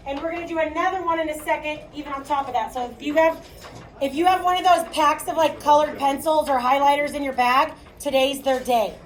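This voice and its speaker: Speaking fairly quickly in a high, steady tone, a young woman with a Midwestern Chicago accent gives a math lecture. She's chatty and projects to the room, checking in with "okay?" now and then, and the mic sits far off in an echoey classroom.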